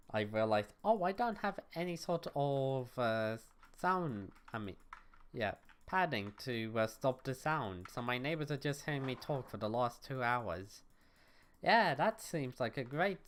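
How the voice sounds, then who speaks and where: The tone is clean and medium-pitched. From home, with neighbors on the other side of the wall, a young adult streamer plays a game while talking casually with viewers and narrating their thoughts.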